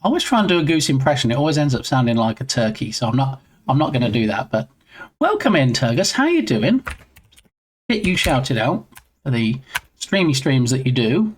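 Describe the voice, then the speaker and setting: A man's voice: mid-range voice, animated, a little fast, a little hiss or hum. Chatty self-deprecating male streamer. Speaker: streamer and game developer. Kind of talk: casual live-stream chat.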